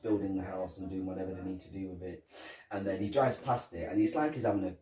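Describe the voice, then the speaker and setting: A man's voice: low voice, steady tone, fast talker, crowd noise. A man co-hosting a podcast, casually chatting about a film and retelling its scenes. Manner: retells scenes, acts out quotes. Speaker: podcast co-host. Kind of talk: casual film review chat. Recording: roomy, distant mic.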